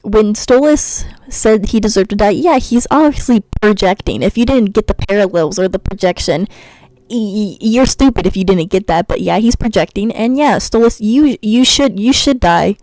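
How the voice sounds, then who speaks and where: With a mid-range, slightly mellow voice at a moderate pace, a young woman YouTuber rants over gameplay about a cartoon episode. The recording is rough but echo-free, and she sounds sassy and exasperated, sighing and stumbling over words.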